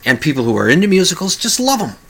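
A man's voice: a little high, very animated, quick pace, a bit bright, breathy edge. A man hosting a podcast, talking casually in a rambling way with frequent restarts. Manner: rambling, with many restarts and sung mock lyrics. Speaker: podcast host. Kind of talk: casual monologue.

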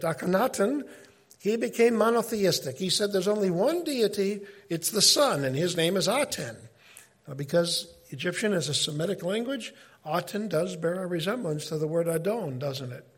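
A middle-aged man giving an informal Bible teaching, talking in a conversational, animated way and often breaking off mid-sentence. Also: sits high, husky. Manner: conversational, animated, self-interrupting.

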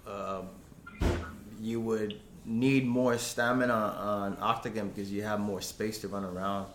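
A man's voice: on the low side, flat delivery, measured pace, reverberant, background noise. A man who is a guest, a cage fighter, giving plain, hesitant answers with many fillers in a casual podcast chat.

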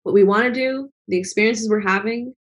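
A woman's voice: a little high, brisk. A woman talking as a guest in a casual conversation, earnest and reflective, with lots of fillers. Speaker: guest, travel vlogger.

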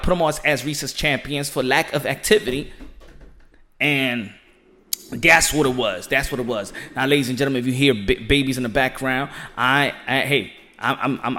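A man hosting a boxing podcast from home, talking in an excitable, slangy monologue and often saying "ladies and gentlemen". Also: medium pitch. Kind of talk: animated boxing commentary monologue. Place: home room with children nearby. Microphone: home setup.

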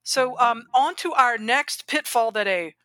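A woman co-hosting a podcast in an animated, rambling way, often stopping to correct herself. Her voice sits fairly high and sounds bright and sharp. The recording is dry and close. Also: a little slow, no room sound. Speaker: podcast co-host, grant professional. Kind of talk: casual podcast chat.

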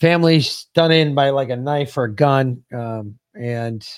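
A man co-hosts a casual chat show, joking crudely and swearing as he goes. His voice sits at a middling pitch and sounds dry and close to the mic. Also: measured pace, clean tone, dry recording. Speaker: podcast co-host.

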